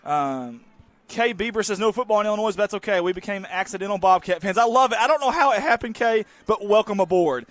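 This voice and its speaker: A man calling a local high school football game, folksy and excitable, bursting into shouts on big plays. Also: fast, no echo. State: out of breath. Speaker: play-by-play announcer.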